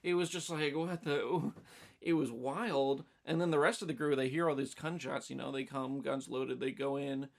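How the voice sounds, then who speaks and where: A man co-hosting a podcast, casually recapping a film in a rambling, animated way with lots of fillers. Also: medium pitch, moderate pace, creaky. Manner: rambling, animated storytelling with many fillers and acted-out quotes. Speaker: podcast co-host.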